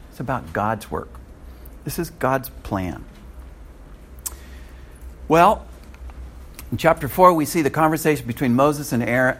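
A man preaching a sermon in an animated way, with frequent chuckling asides. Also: medium pitch.

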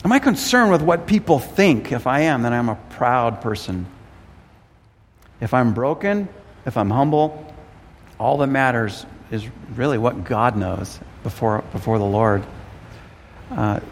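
A man's voice: medium pitch, lively intonation, measured pace, big-room sound. A man preaching an earnest sermon, often repeating words as he works out a thought. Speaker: pastor.

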